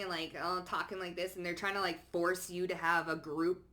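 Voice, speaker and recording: Bright-voiced, sassy woman card reader. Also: flat delivery, a little fast, few pauses. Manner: blunt, sassy, peppered with swearing and pet names; emphatic, swings between low asides and loud bursts. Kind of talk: casual spoken card reading.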